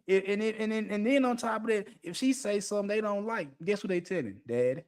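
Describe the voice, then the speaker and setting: A man's voice: high voice, fast talker, a little mellow. A man hosting an unscripted monologue, blunt and profane, laughing often as he talks. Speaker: podcast host.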